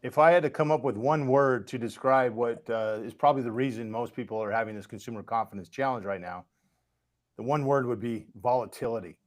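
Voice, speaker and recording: A man hosting a casual podcast who rambles along, restarting sentences and padding them with fillers. His delivery is relaxed and unscripted. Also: medium pitch, fairly quick. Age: parent of children. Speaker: podcast host. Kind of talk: casual chat.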